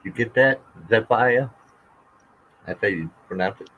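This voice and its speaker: A man's voice: on the low side, normal speed. A man who collects coins, chatting casually on a livestream auction in a folksy, dry-joking way. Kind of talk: casual chat. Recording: slightly dull lo-fi stream audio.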